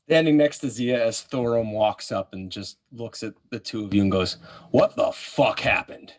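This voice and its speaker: A man's voice: fairly low pitch, moderate pace, a little mellow. A man narrating a tabletop game as its game master. He talks casually and loosely, with plenty of fillers as he sets the scene. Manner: casual, swears, voices characters.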